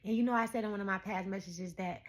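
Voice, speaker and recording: A woman in her thirties talking straight to her viewers in a casual spiritual message, animated and preachy, laughing often. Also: mid-range voice, quick pace. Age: 30s. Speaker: spiritual vlogger.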